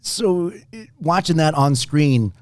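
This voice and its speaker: A man's voice: on the high side, lively intonation, slow pace, a little mellow, no echo, clean studio sound. A man co-hosting a casual podcast chat, rambling with lots of fillers and frequent laughs. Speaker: podcast co-host.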